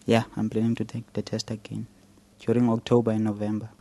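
A man's voice: lowish voice, monotone, a little fast, creaky, warm tone. A young man with a South African accent, a student answering interview questions down a phone line, speaking plainly and candidly. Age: young adult. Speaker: student guest.

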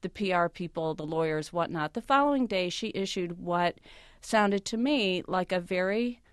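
A woman advice columnist, a guest on a radio talk show, giving confident advice in a relaxed way. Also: on the low side, moderate pace, clear, resonant tone, no echo, clean studio sound. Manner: confident, advising, with easy laughter.

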